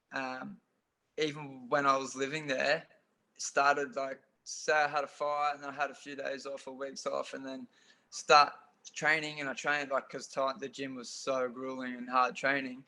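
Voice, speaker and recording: A young Australian man, a Muay Thai fighter, telling stories in a casual podcast interview with lots of fillers. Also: medium pitch. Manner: animated storytelling with frequent fillers.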